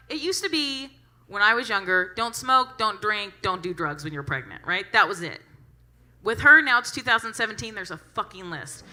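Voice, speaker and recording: A young woman performing a stand-up set with a brash, animated delivery and plenty of swearing. Her voice is very bright and sharp. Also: fairly high pitch. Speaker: stand-up comedian.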